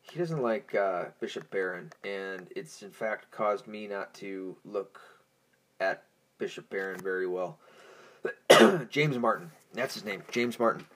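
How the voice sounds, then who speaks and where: A man's voice: low-pitched, unhurried, a bit bright, a little hiss or hum. A young man hosting a podcast in a casual, profane, rambling monologue, stoned and easily distracted. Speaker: podcast host.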